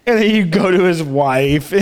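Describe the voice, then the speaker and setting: Chatty man, slightly high voice. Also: lively intonation, slow pace. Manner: rambling, laughs often, restarts ideas. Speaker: podcast co-host. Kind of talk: casual comedic chat.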